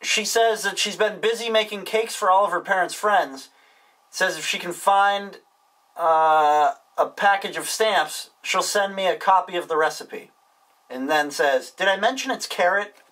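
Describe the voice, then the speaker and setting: Young male vlogger, deadpan joker reading fan mail; bright, edgy tone, mic set back. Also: high voice, unhurried, distant mic, poor audio. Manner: dry, wisecracking asides. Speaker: YouTuber reading viewer mail. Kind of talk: casual vlog, reading postcards aloud.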